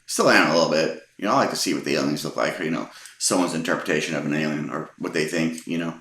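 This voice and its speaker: A man in his forties casually telling a funny personal story, relaxed and amused, often restarting his sentences. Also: rumbling low, quick pace. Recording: roomy echo.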